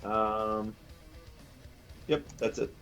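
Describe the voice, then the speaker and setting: A man's voice: lowish voice, completely flat delivery, extremely slow, fairly bright tone, faint music behind. A man playing a tabletop game, speaking hesitantly in stop-start phrases. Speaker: player. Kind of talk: casual game chat.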